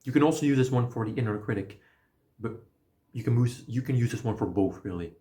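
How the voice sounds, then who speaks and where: Energetic man explaining self-help tips. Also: mid-range voice, a little fast. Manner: energetic, casual, swears at times. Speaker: self-help video creator. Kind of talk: motivational explainer monologue.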